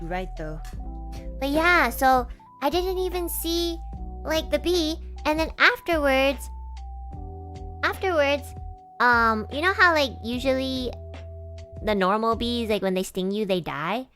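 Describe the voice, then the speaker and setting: A woman streamer telling a childhood story in casual, chatty talk, full of "like" and restarts, with lively bits where she acts out other people. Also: sits high, slow, long pauses, faint music behind. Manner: chatty, animated, lots of "like" and restarts, voices kids and adults in quotes.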